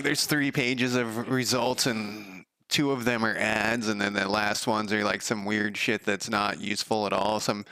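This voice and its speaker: Gravelly, swearing streamer guy. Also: on the low side, pushed and bright, no echo. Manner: profane, sardonic, rambling. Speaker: game developer streamer. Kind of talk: casual live coding commentary.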